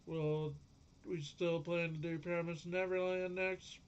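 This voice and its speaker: A man's voice: on the high side, level tone, slow pace, a little hiss or hum. A man co-hosting a show, giving matter-of-fact updates on channel goals. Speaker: co-host. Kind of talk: casual announcements. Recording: dull lo-fi sound.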